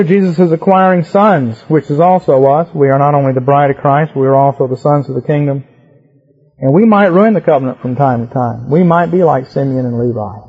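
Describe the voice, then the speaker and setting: A man preaches, teaching through the scriptures in an emphatic, rhythmic way and repeating words to drive his points home. His voice sits a little high and sounds husky. The recording is muffled and lo-fi.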